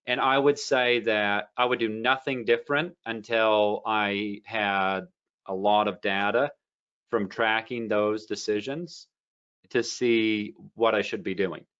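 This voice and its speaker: A man's voice: lowish voice, steady tone, takes it slowly, fairly bright tone, clear, resonant tone, highs cut off. A man giving a casual trading lesson, rambling through stories with many fillers and restarts. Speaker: trading educator. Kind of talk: casual teaching talk.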